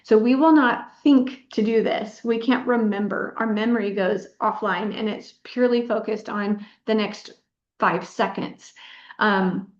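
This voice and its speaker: A woman's voice: mid-range voice, measured pace. A woman in her thirties giving a workshop as a pelvic health physical therapist, encouraging and repeating words for emphasis. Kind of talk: workshop presentation. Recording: echoey room, dull lo-fi sound.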